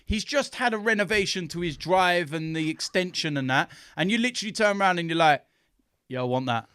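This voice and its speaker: A man trading casual football banter on a podcast, jokey and animated. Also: sits high, fairly quick, smooth, no echo. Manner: animated, jokey trash talk with laughs. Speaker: podcast guest and fan pundit.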